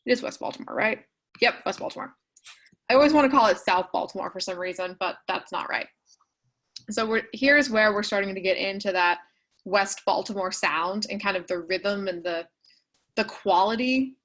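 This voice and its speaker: A woman teaching a writing workshop over a video call, explaining in a casual, chatty way with many fillers and quick asides. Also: medium pitch, a bit bright, rough recording. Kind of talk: online class walkthrough.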